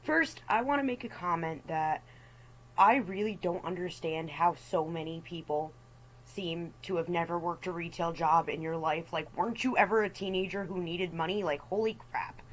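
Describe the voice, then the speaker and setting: A woman's voice: fairly low pitch, normal speed, rough recording. Exasperated woman ranting in a storytime. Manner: exasperated ranting, mimics people in quotes. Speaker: storytime host. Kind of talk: storytime rant voice-over.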